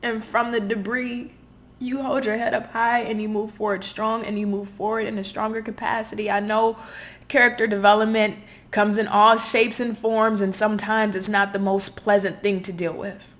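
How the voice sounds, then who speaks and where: A woman's voice: mid-range voice, flat delivery, normal speed, fairly bright tone. Earnest, apologetic woman tarot reader. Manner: earnest, apologetic, repeats phrases, gets emotional. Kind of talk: intuitive tarot reading to camera.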